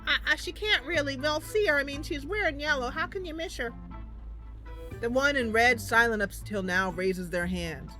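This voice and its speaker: A woman hosting a gaming channel, reading a story game aloud with giggly, expressive commentary. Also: fairly high pitch, moderate pace, soft background music.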